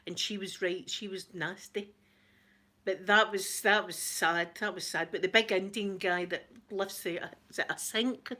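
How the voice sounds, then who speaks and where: Reading viewers' comments aloud, this ASMR livestream host, a middle-aged woman with a Scottish accent, keeps the chat casual and laughs a lot. Her mid-range voice is bright and forceful yet steady, moving a little slowly.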